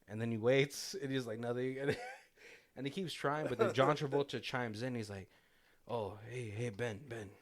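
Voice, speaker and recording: A man's voice: mid-range voice, normal speed. A man hosting a casual movie commentary chat, retelling scenes with quoted lines and frequent laughs. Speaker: podcast host.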